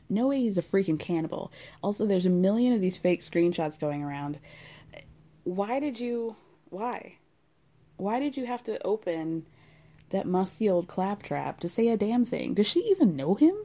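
A woman's voice: medium pitch, animated, normal speed, mellow. A woman hosting a podcast, chatting about gossip in a sarcastic, rambling, giggly way. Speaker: podcast host. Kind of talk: casual gossip chat.

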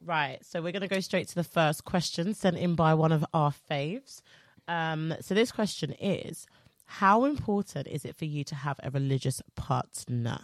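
A young woman co-hosting a podcast in casual chat, telling animated stories and acting out quotes. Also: low voice, moderate pace, dry recording, clean studio sound. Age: young adult. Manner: animated storytelling, acts out quotes. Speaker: podcast co-host.

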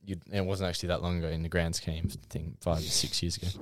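A young man, co-hosting a casual podcast chat and talking in quick restless bursts full of restarts. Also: deep voice, slight background noise. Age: young adult. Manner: animated, restless, lots of "like" and restarts. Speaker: podcast co-host.

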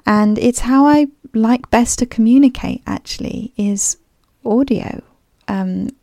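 A woman's voice: a little high, slow pace, warm tone, no echo, studio quality. A woman with a clipped, slightly posh English accent, musing thoughtfully on her solo podcast with frequent ums and restarts. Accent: English, clipped and a bit posh. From grew up abroad as a third culture kid. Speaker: podcast host. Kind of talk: reflective solo podcast monologue.

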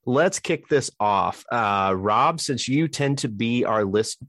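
A man from Alabama hosting a casual podcast chat in a relaxed, chatty way. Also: medium pitch, takes it slowly, no room sound, clean studio sound. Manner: relaxed, chatty, plugs the show. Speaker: podcast host.

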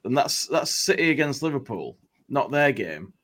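A man's voice: mid-range voice, big pitch swings, moderate pace, fairly bright tone. A man chatting on a fan podcast, cracking dry jokes and swearing freely. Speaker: podcast regular. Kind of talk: casual podcast chat.

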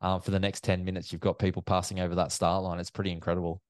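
A man, an event MC chatting in an interview as a lively storyteller, with many fillers and restarts. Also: sits low, very fast, no room sound. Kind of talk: casual interview chat.

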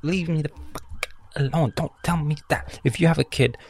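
Gravelly man on a profane rant. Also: on the high side, moderate pace. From Lebanon. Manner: swears constantly, swings from loud outbursts to hissed whispers.

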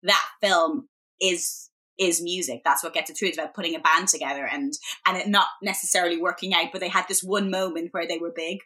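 An Irish woman in her thirties chats away on a podcast, her voice bright and forward. She tells stories with lively energy and lots of fillers. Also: lowish voice, brisk. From Ireland. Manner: chatty, animated storytelling with many fillers. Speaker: podcast guest. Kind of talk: casual chat.

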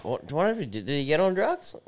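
Animated man in crude banter. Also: fairly high pitch, fast talker. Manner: laid-back, crude banter. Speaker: podcast co-host. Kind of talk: casual chat.

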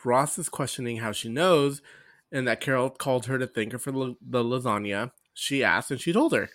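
A man's voice: medium pitch, normal speed, no room sound, clean studio sound. A man co-hosting a podcast, chatting casually and acting out characters' lines as he recaps. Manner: animated, mimics characters' lines. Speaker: podcast co-host.

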